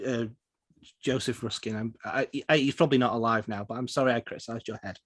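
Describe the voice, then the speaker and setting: A man co-hosting a podcast in casual chat, joking and animated. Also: mid-range voice, fast, no echo, clean studio sound. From outside the United States. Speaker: podcast co-host.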